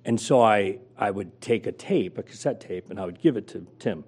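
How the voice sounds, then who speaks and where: Animated low-voiced male storyteller. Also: normal speed, breathy edge. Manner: animated storyteller, acts out quotes with big pitch jumps. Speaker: guest, former sports radio host. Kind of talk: storytelling interview.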